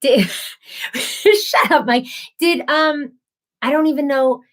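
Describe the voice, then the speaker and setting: A woman's voice: high voice, slow, fairly bright tone. A woman hosting a casual live stream, chatting and laughing as she answers viewers by name. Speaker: livestream host.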